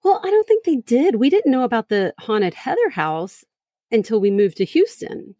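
A woman, co-hosting a casual podcast in a quick, matter-of-fact way. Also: fairly high pitch, very animated, dark tone, no room sound, studio quality. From Texas. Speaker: podcast co-host. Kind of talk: casual chat.

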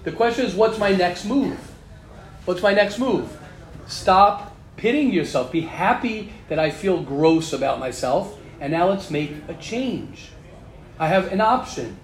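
A man's voice: high-pitched, animated, a little slow. A man teaching a class, talking straight to his students with emphatic repetition. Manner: emphatic, repeats key phrases, speaks straight to students. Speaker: teacher leading a religious class. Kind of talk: animated motivational class talk. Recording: echoey room.

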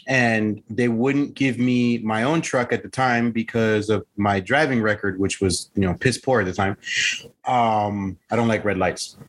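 A man's voice: on the low side, measured pace. A man co-hosting a casual podcast, telling a story with lots of fillers and acted-out quotes. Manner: animated, lots of fillers, acts out voices. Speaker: podcast co-host.

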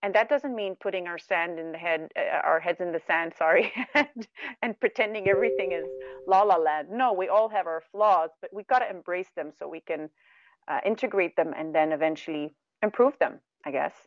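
A middle-aged woman who is not a native English speaker, a guest talking earnestly and warmly about spiritual self-talk in a radio conversation. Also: fairly low pitch, brisk, lo-fi sound. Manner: earnest, animated, laughs at herself. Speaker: guest, meditation teacher.

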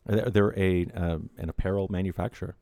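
Deep-voiced man chatting casually on a podcast. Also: a little fast, dry recording. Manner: relaxed, rambling with fillers and dry jokes. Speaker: co-host.

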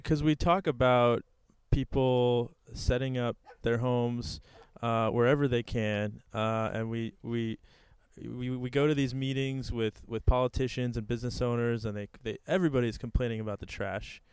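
A man interviewing a guest, speaking in a measured way with hesitant restarts. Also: medium pitch, steady tone, a little mellow, clear, resonant tone, no room sound. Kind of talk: conversational interview.

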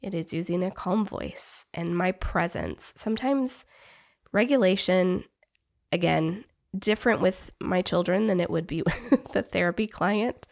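A woman's voice: on the low side, vocal fry, a little mellow. A woman, a therapist and parent, talking thoughtfully about parenting in an interview. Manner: thoughtful, reflective, speaks in measured phrases. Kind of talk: conversational podcast interview.

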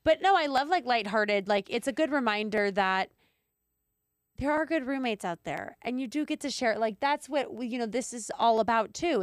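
A woman's voice: medium pitch, no room sound, clean studio sound. A woman co-hosting a podcast in casual chat, chatty and full of "like". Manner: chatty, uses a lot of "like". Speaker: podcast co-host.

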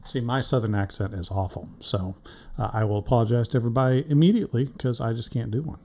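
A man's voice: mid-range voice, fast talker, dark tone, slight background noise. Easygoing man asking rambling questions. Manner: rambling, restarts questions, laughs easily. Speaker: interviewer. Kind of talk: casual interview chat.

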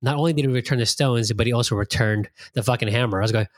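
A man hosting a casual podcast chat, talking with animated energy, swearing freely and acting out his own reactions. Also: mid-range voice, rapid-fire, no room sound. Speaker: podcast host.

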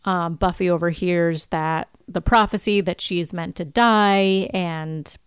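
Smooth-voiced chatty woman podcaster. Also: on the low side, fairly even intonation, slow, no echo, studio quality. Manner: chatty, laughs often, many "like"s. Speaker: podcast co-host. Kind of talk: casual chat recapping a TV episode.

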